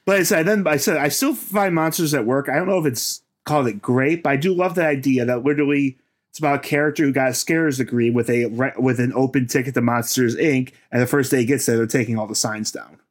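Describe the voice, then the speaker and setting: A man's voice: mid-range voice, fast talker. A man co-hosting a podcast in casual chat, talking at length and explaining details. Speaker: podcast co-host.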